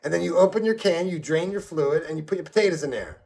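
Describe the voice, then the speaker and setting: A man's voice: a little high, fast, creaky, a little mellow. A middle-aged man co-hosting a podcast, telling stories in a casual, profane, rambling way and often asking "you know what I mean". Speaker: podcast co-host. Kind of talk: casual opinionated chat and storytelling.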